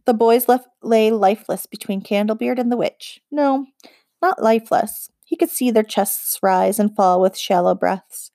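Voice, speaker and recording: A woman narrating a children's fantasy audiobook in an even, expressive storytelling voice. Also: mid-range voice, normal speed, creaky, few pauses, dry recording, clean studio sound. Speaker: audiobook reader.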